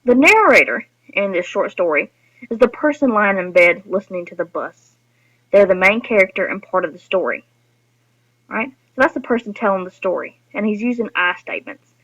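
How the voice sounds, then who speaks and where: A woman's voice: medium pitch, lively intonation, normal speed, a bit bright. A woman teacher giving a recorded lesson to her students, explaining patiently and speaking to them directly. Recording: dull lo-fi recording.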